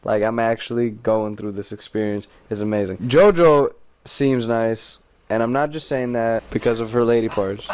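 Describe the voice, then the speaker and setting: A man's voice: mid-range voice, normal speed, darkish tone, smooth. A young man co-hosting a podcast, chatting casually, rambling and sarcastic with lots of fillers. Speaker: podcast co-host. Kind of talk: casual chat.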